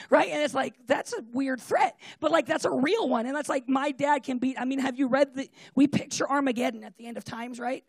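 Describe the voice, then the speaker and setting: Casual preacher, high and gravelly, chatty and animated, tags lines with "right?". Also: brisk, few pauses, no room sound. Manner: animated, fillers of "like" and "right?", often laughs. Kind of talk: casual conversational sermon with personal stories.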